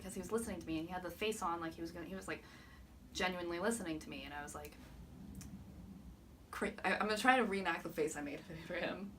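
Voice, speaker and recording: A woman's voice: fairly low pitch, far from the mic, noisy background. A young woman recapping a fan meet in a vlog, gushing, swearing a lot and laughing often. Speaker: vlogger.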